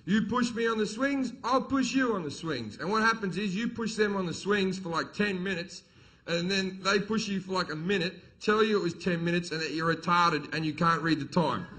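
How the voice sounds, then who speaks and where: A middle-aged man does stand-up, spinning a crude, swear-laden family story. His voice sits high and rings bright. He tells it in an animated way. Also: normal speed. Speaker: stand-up comedian. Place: comedy stage.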